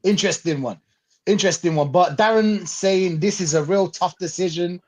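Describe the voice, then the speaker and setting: A man with a high-pitched voice hosts a casual live fan show over a video call, speaking at a moderate pace. He reads viewer comments aloud and reacts to them in a live-stream chat.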